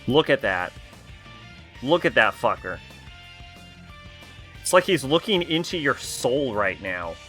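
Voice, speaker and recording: A man's voice: medium pitch, sing-song, slow pace, pauses often, bright, forceful tone, soft background music. A man streaming a game, commenting casually in a chatty, joking way and swearing now and then.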